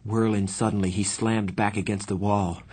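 A man reading a novel aloud in the first person, with measured, earnest storytelling. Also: on the low side, flat delivery, a little mellow. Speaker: audiobook narrator.

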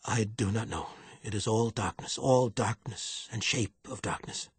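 Male reader as a hunted fisherman, quiet and grave, raspy tone. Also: on the low side, a little slow, no echo.

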